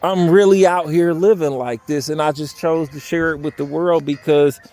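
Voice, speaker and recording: Young man, higher-pitched voice, earnest and emotional, speaking outdoors into a phone with faint music underneath. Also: steady tone, normal speed, a little mellow. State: voice unsteady from crying. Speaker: vlogger. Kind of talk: candid personal vlog. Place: outdoors by a railroad bridge.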